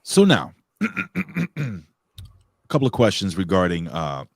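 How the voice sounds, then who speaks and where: A man's voice: deep voice, huge pitch swings, slow pace, gravelly, slightly rough, no room sound, clean studio sound. A man co-hosting a talk show in casual, joking chat full of fillers and asides. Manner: joking, rambling, many fillers. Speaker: co-host.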